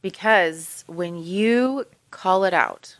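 A woman's voice: mid-range voice, extremely slow, a bit bright. A woman in her thirties co-hosting a podcast, talking in an emphatic, supportive, conversational way. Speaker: podcast co-host. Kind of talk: casual chat.

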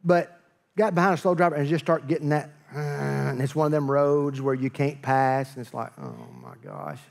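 A man's voice: a little high, fairly even intonation, normal speed, creaky. A man preaching a sermon as pastor, telling a story with acted-out dialogue and joking asides.

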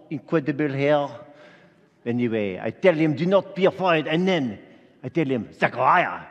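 A man's voice: on the high side, muffled recording, heavily acted. A man playing a boastful, jokey male angel messenger in a Christmas Eve church skit, showing off and playing to the congregation. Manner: showy, jokey, playing to the crowd. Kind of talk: comic stage monologue. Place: church sanctuary before a congregation. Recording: echoey church hall.

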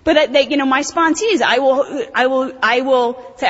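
Thirties woman, blunt, animated recovery speaker, husky voice, long hall reverb. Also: high-pitched, normal speed, hardly any pauses. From New Jersey. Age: 30s. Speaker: AA convention speaker. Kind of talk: recovery share talk. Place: convention hall. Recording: dull recording in reverberant hall.

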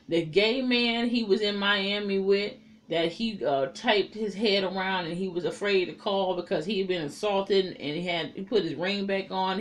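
A woman recapping a TV episode in a casual, animated way, swearing often and talking back to the characters. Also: medium pitch, slight background noise. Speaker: TV episode reviewer.

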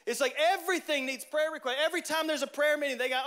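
A man preaching a casual sermon who talks straight to the audience in a lively, joking way. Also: very high-pitched, rapid-fire, hardly any pauses.

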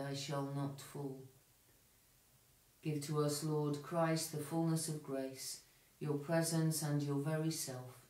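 Morning prayer is led here by a man reading scripture and psalms calmly and evenly, pausing now and then for minor self-corrections. The church room rings with echo, and his voice sits a bit high for a man.

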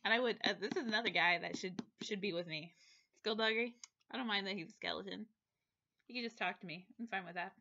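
A woman vlogging about books in a casual chat to camera, animated and quick, swearing and exaggerating. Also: mid-range voice, muffled recording. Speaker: book vlogger.

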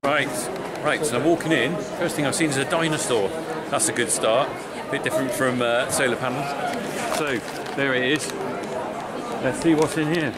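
Farmer, vlogging handheld, rambling and chatty, mid-pitched, heavy background noise. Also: male voice, moderate pace, pauses often, a loud crowd. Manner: chatty and rambling, with many fillers. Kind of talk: casual vlog narration. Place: indoor exhibition hall, walking through. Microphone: handheld camera filming as he walks.

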